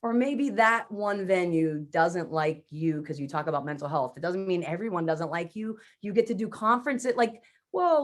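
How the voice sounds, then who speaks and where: A middle-aged woman from the United States, a comedian and mental health speaker, telling personal stories in a talk and acting out her own thoughts and the lines of others. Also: medium pitch. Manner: animated, acts out her own inner voice and quotes. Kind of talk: conference talk with comic storytelling.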